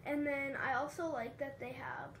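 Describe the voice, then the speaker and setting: Canadian woman co-host, gushing and enthusiastic, high voice, echoey room. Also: fairly even intonation, normal speed, a bit bright, far from the mic, a little hiss or hum. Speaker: podcast co-host. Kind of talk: casual chat.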